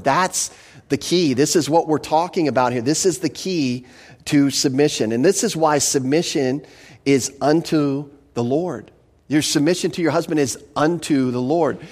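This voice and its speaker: A man's voice: fairly high pitch, moderate pace, darkish tone. A pastor preaching an expository sermon, earnest and emphatic, often repeating a word as he starts a phrase.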